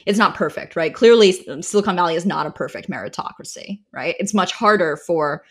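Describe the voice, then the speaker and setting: Measured Midwestern woman in an interview. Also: fairly low pitch, husky. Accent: neutral Midwestern. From Wisconsin and Boston. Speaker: podcast guest, investor. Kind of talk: casual interview talk.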